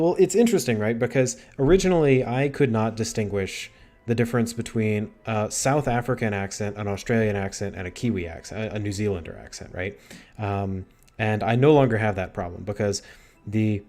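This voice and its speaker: A man's voice: fairly low pitch, fairly quick, a little mellow. A man hosting a livestream interview, chatty and self-deprecating with playful asides. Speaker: livestream host. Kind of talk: casual interview chat.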